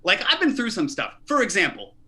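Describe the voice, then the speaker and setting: Male comic in his 30s, self-deprecating stand-up over a video call, rambling delivery, bright tone, slightly high. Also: huge pitch swings, fairly quick. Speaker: comedian.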